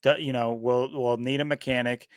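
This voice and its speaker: A man's voice: medium pitch, normal speed, clean tone, dry recording, studio quality. Rambling man co-hosting a podcast. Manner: rambling, animated, laughs often. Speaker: podcast co-host. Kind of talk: casual chat.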